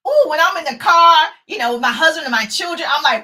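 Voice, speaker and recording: Bright, animated motivational coach woman. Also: high-pitched, brisk, few pauses. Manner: animated, chatty, breaks into playful sung bits. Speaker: business coach live-streaming. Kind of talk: motivational live-stream talk.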